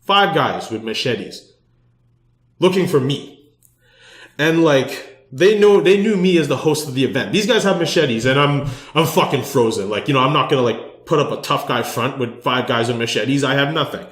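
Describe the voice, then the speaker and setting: A man's voice: medium pitch, animated, moderate pace, fairly bright tone. A man hosting a podcast, telling a story with lots of swearing and filler words. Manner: swears a lot, fills with "like". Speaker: podcast host. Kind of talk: animated storytelling. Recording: echoey room.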